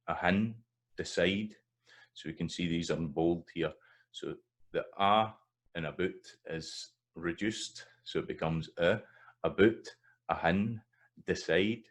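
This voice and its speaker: Deep-voiced Scottish man teaching. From Scotland. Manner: relaxed, hesitant, many fillers and restarts; sounds out stress patterns in rhythmic syllables. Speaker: language teacher. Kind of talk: explanatory video lesson.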